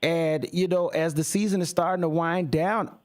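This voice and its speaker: Brief: man, sports talk host, slightly high voice, passionate and exasperated. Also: fairly even intonation, normal speed. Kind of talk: sports talk radio rant. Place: radio studio.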